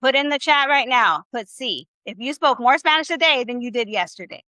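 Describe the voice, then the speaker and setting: A woman's voice: high voice, expressive, fairly quick, bright, forceful tone, no echo. A woman teaching a live online Spanish class over a video call. She is upbeat and encouraging, and she mixes casual slang into her teaching.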